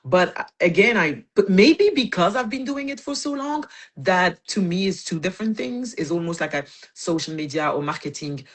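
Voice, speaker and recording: Husky woman with a French accent. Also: lowish voice, lively intonation, normal speed. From Caribbean. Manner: emphatic, repeats points in lists. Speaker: podcast host. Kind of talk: casual podcast conversation.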